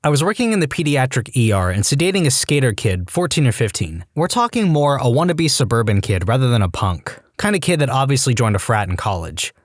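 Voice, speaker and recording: Lively dry-voiced male story narrator. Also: medium pitch, a little fast, few pauses, dry recording. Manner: lively, acts out quoted lines in shifting voices. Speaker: narrator reading online stories. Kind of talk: scripted story narration with acted quotes.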